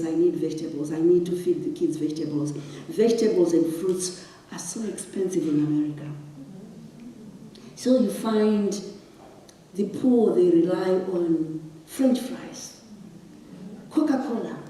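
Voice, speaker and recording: A guest speaker from Zimbabwe tells an emotional personal story on stage in a large hall, building to impassioned questions. Her fairly low, warm voice comes through a distant mic with the hall's echo and slight background noise.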